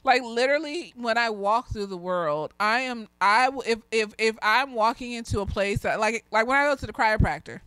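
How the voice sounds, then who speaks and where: A woman's voice: a little high, normal speed, few pauses, fairly bright tone, clear, resonant tone, dry recording. A woman who is a therapist, slightly tipsy, talking bluntly and with lots of swearing in a casual video review, swinging between ranting and gushing.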